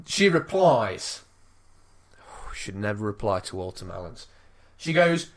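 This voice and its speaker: A man telling a road-rage story in casual chat, swearing and acting out his own shouting. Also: on the low side, very animated, measured pace, pauses often. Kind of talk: casual chat, animated anecdote.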